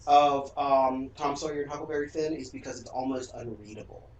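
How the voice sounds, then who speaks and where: A man's voice: mid-range voice, steady tone, a little fast, darkish tone. A man from Central Virginia, chatting and telling stories while streaming a game with friends. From Central Virginia, USA. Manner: chatty, storytelling, joking. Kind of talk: casual chat during a game stream. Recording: roomy, distant mic, faint room hum.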